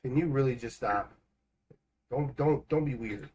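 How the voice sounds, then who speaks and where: The recording is very noisy, carrying a medium-pitched male voice. He's livestreaming a game at home, chatting casually in a rambling way and tossing off quick jokes.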